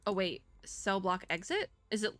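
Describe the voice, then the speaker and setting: Woman gamer, bright voice, dry close sound, excitable and nervously chatty commentary. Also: medium pitch, moderate pace, no room sound. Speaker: gaming video creator. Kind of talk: let's play commentary, reading game text aloud.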